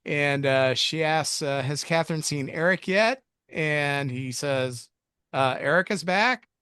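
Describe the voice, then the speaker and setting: A man's voice: fairly high pitch, takes it slowly, fairly bright tone, clean tone, dry recording, studio quality. A man co-hosting a film review podcast, recapping the plot in a rambling, jokey way with self-mocking asides. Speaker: podcast co-host reviewing films. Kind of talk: casual chat recapping a movie plot.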